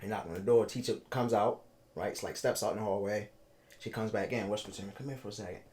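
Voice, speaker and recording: Fairly low in pitch and a little mellow, this man's voice keeps a steady tone. He's in his thirties, from Baltimore, and is a podcast guest telling a personal story haltingly, with repeated words and acted-out dialogue.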